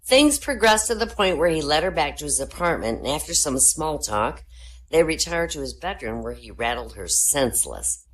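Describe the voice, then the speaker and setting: A woman telling jokes at an online comedy night in a deadpan storytelling manner, raising her pitch for the punchlines. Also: moderate pace. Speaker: joke teller. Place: online voice chat room.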